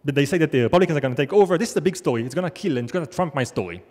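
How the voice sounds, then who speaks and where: A man's voice: on the high side, lively intonation, very fast, darkish tone. A man telling a true story on stage in a wry, self-deprecating, conversational way. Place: large theater stage. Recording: long theater hall reverb.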